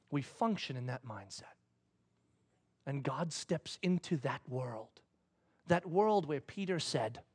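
A male pastor preaching a sermon that starts as a comic story, acting out the voices in it and then dropping to a hushed, intense delivery. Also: a little high, normal speed. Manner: animated, acts out voices, drops to hushed intensity.

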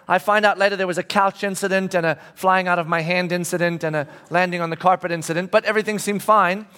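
A man's voice: sits high, steady tone, fast talker, clean tone. Conversational middle-aged male pastor. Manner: conversational storyteller with frequent restarts, dropping soft for reflection. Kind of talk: sermon with a personal story. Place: church sanctuary.

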